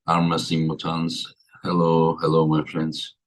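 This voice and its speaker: A man's voice: extremely low pitch, monotone, a little slow. A tired man hosting a livestream in casual chat, greeting his viewers by name one after another. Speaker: livestream host.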